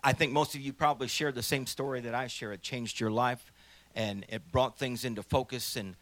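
A minister in his sixties from St. Louis, USA, shares a personal testimony at a church gathering, rambling conversationally and restarting often. His mid-range voice is fairly bright, fairly even in intonation, and a little fast.

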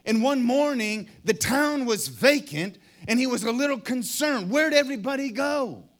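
A middle-aged man preaching a sermon, telling a story dramatically and acting out the voices and shouts of its people. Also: very high-pitched, unhurried.

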